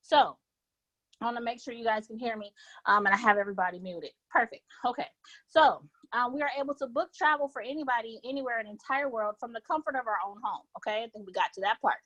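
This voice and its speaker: A woman's voice: a little high, fast, fairly bright tone, no room sound, highs cut off. A woman training travel agents, talking informally and cheerfully on a conference call, often checking in with "okay?". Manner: upbeat, chatty, often tags "okay?". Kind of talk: informal presentation on a group call. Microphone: laptop or phone on a conference line.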